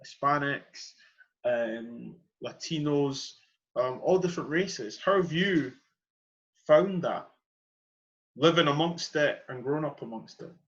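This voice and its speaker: A man's voice: on the high side, takes it slowly, long pauses, fairly bright tone, lo-fi sound. A young man hosting a podcast who talks earnestly and with passion, stressing and repeating his key points. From Edinburgh, Scotland. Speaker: podcast host. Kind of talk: earnest conversational monologue.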